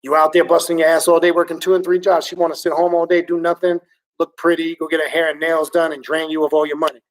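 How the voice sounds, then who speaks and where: Guy ranting on a livestream, swearing a lot, gets animated, voice kinda high and a little far from the mic. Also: fast. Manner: excitable, animated and profane. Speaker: occult channel host reading viewer comments. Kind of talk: livestream commentary rant.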